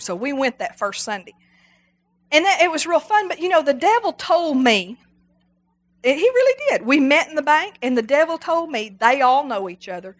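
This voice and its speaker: A middle-aged woman preaching a sermon, animated and emphatic, repeating her exhortations. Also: high-pitched.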